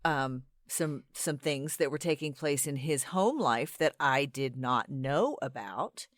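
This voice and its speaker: A middle-aged woman co-hosting a casual podcast, blunt and opinionated with quick wisecracks. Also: a bass voice, lively intonation, no echo, studio quality. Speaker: podcast co-host.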